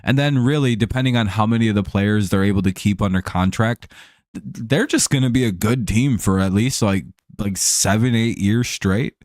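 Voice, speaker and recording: A man's voice: on the low side, normal speed, a little mellow, no echo, clean studio sound. A young man casually talking sports on a livestream, rambling and swearing with lots of fillers and restarts, answering viewers by name. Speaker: streamer hosting a sports chat show.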